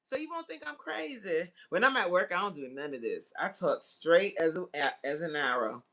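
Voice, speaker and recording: A woman in her forties hosting a casual livestream and chatting with viewers. She is slangy and laughs often, with sudden jumps into high exclamations. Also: very animated, moderate pace, a bit bright. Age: 40s. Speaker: livestream host. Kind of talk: casual live chat reading viewer comments.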